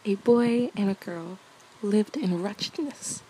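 A young woman reading a fairy tale aloud as a bedtime story, softly and casually, laughing at her own slips. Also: medium pitch, lively intonation, takes it slowly, a little hiss or hum, rough recording.

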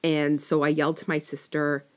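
A woman's voice: deep voice, completely flat delivery, normal speed, a little mellow. A woman casually telling a personal story, rambling with many fillers and self-corrections. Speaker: storyteller sharing a personal experience.

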